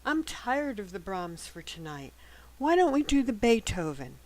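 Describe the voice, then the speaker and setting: A woman reading the lines of a young woman pianist who is gentle and gently teasing. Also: medium pitch, big pitch swings, unhurried, pitched above the performer's own voice, low-quality recording. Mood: light.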